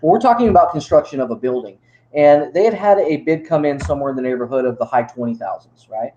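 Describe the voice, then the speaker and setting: A man's voice: medium pitch, expressive, quick pace, mellow, highs cut off. A man with a Texan accent, a YouTuber chatting to viewers in a rambling, enthusiastic way from an indoor gift shop. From Texas. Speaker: YouTuber and museum worker. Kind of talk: casual chat to viewers. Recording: echoey room.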